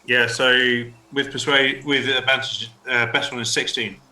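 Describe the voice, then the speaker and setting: A man playing a tabletop game who talks casually and stumbles over repeated words. His voice is very bright and sharp, heard from a distance in an echoey room with faint noise. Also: medium pitch, flat delivery, a little slow. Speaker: player.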